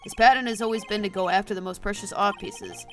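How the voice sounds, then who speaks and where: A woman's voice: mid-range voice, quick pace, soft background music, lightly acted. Woman reads earnest bumbling detective, plain voice, stumbling report. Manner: dutiful report, stumbling over words.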